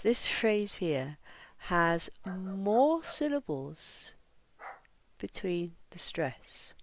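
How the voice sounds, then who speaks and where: A woman teaching English pronunciation in an online lesson. She explains each point and reads model phrases with slow, careful, over-articulated stress. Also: on the low side, no room sound.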